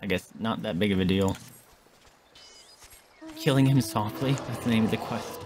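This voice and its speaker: A man's voice: on the low side, moderate pace, noisy background. A man streaming a game, chatting casually and reacting to what happens. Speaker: gaming streamer. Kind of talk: casual let's play commentary.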